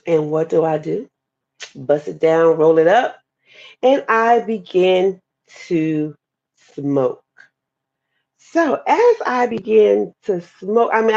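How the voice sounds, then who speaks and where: Woman, mid-pitched voice, animated testimony storyteller, muffled podcast audio. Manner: lively, expressive, addresses listeners as y'all. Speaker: guest speaker sharing testimony.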